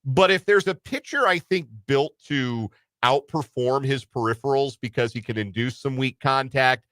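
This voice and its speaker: A man's voice: medium pitch, moderate pace, fairly bright tone, no room sound. A man hosting a casual sports talk radio show, making dry wisecracks between game notes.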